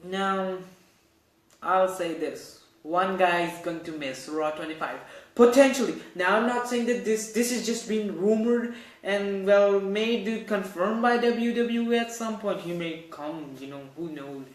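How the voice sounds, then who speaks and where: A man with a fairly high voice runs a casual news show, rambling and stopping to correct himself. He sounds animated and loose. The room around him is noticeably echoey. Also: measured pace. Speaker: host.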